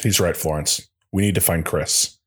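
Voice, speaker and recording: A man's voice: deep voice, steady tone, normal speed, breathy edge. An actor reading a determined male hero who urgently rallies his team, at a fan-script table read.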